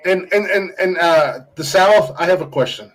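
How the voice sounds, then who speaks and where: A man's voice: high voice, moderate pace, a bit bright, low-quality recording. A man from Ohio hosting a podcast in casual, crude, rambling chat, laughing often. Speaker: podcast host.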